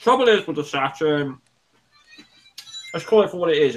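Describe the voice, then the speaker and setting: A man's voice: fairly high pitch, lively intonation, normal speed, faint music behind. A man hosting a casual gaming talk show, giving blunt, grumbling opinions. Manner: blunt, grumbling opinions with mock-quoted reactions. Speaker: show host.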